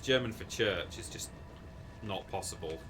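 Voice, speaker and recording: A man's voice: lowish voice, moderate pace, noisy background. A man in casual livestream chat, rambling and self-deprecating as he plays and reads chat aloud. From England. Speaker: streamer playing a game.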